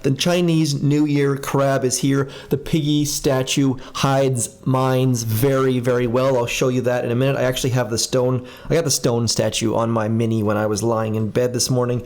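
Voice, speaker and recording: A man's voice: medium pitch, a little mellow. A man hosting a casual live stream, chatting upbeat and thinking aloud while he plays. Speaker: game streamer.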